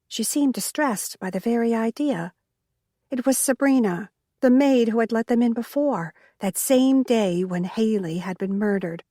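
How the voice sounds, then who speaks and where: A woman narrating a cozy mystery audiobook in a measured storytelling manner. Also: on the high side, dark tone, no echo, clean studio sound. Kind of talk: scripted narration.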